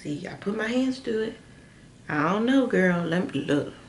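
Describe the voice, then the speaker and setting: A young adult woman doing a casual shapewear try-on for her viewers, chatty and animated, calling them girl and y'all, often jumping into high excited squeals. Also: normal speed, slight background noise. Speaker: beauty vlogger reviewing shapewear. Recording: echoey room.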